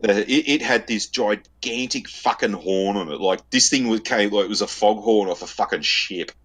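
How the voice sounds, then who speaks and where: An Australian man with a lowish, bright voice spins rude anecdotes in loose podcast banter. He swears all the time and talks in a relaxed, rambling way. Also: normal speed, slightly rough. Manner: crude, swears constantly, laughs at his own stories. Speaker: podcast co-host. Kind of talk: casual storytelling banter.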